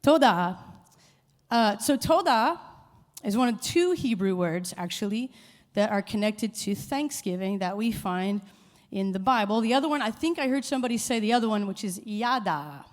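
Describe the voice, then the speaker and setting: A woman speaks into a handheld microphone before a live congregation, and her voice rings through a hall with long reverb. Her tone is playful and lively, teasing the room with quick questions and call-and-response. Her pitch sits mid-range for a woman. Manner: playful, quizzing the audience, animated. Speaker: worship leader giving a short church talk. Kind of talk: informal sermon with audience call-and-response.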